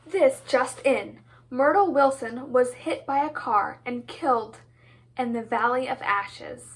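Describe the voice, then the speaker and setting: A woman's voice: high voice, slow pace. A woman voicing a breaking-news reporter in a student comedy play, using announcer-style delivery. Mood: newsy.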